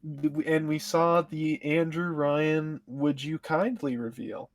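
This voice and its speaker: A man's voice: fairly high pitch, steady tone, slow pace, no room sound. A man co-hosting a casual gaming show, rambling and leaning on "like" as he thinks aloud. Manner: rambling, fills with "like". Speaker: co-host.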